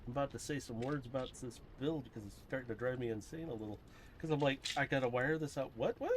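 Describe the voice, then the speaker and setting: A man's voice: medium pitch, fast talker, a little mellow, slight background noise. A man streaming while he builds a brick model, chatting casually, rambling and laughing often.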